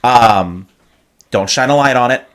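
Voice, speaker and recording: A man's voice: mid-range voice, unhurried, a bit bright. A man co-hosting a casual podcast, explaining things at length with hyperbole, cursing and many "uh"s. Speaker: podcast co-host.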